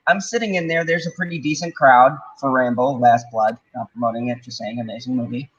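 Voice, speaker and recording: A man's voice: medium pitch, steady tone, brisk, a bit bright. A man hosting a livestream in a casual ranting chat, blunt and rambling, swearing and laughing often. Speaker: livestream host. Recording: dull lo-fi mic.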